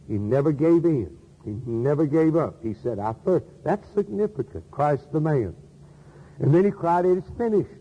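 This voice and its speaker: A man's voice: medium pitch, husky, big-room sound, muffled recording. A man preaching a sermon in an earnest manner, asking rhetorical questions and repeating key phrases.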